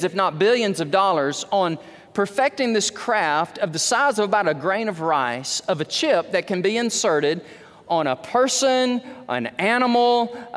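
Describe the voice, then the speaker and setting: High-pitched guy preaching a sermon, gets loud then drops low, echoey church hall. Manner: animated preaching, wide swings in pitch and loudness. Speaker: pastor.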